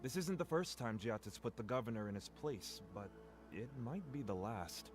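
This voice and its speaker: A man's voice: medium pitch, expressive, moderate pace, music in the background, lightly acted. An actor playing a wry male townsman in a video game, dryly passing on local news and warnings. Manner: dry, wry, conversational.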